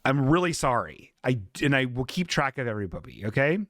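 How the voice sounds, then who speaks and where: A live podcast host reads out chat messages loosely and jokily, swearing freely and putting on silly voices for the people he quotes. His mid-range voice is very animated, a little fast and fairly bright, captured in clean studio quality with no echo.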